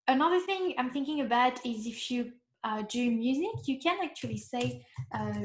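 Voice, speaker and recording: A woman with a French accent teaches an online language lesson in an encouraging tone. Her voice sits a little high. The recording carries a noticeable room echo. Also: expressive. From France. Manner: encouraging, asks rhetorical questions, slows down to model pronunciation.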